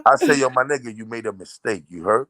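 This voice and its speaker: A man's voice: medium pitch, expressive, quick pace, sharp tone. A man with a Dominican New York accent telling stories in a casual chat, switching between English and Spanish and laughing as he acts out quotes.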